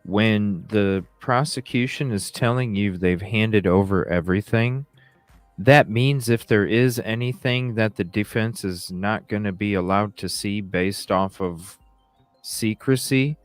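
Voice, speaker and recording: Man, low voice, dry close sound, animated questioning talk show host. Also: unhurried, dry recording, soft background music. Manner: animated, questioning, acts out quoted lines. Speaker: podcast host. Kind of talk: casual discussion.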